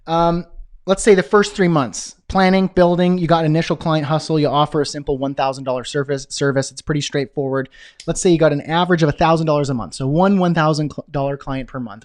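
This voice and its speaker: An energetic man coaching freelancers on business in a live stream, repeating key phrases and answering viewer comments as he goes. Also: on the high side, a little fast. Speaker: web design business coach.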